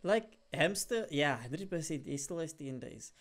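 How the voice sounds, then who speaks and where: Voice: medium pitch, a little slow. A young adult streamer, chatting casually to a live audience in a rambling way, full of fillers. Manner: animated bursts when greeting viewers. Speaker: live streamer talking to chat.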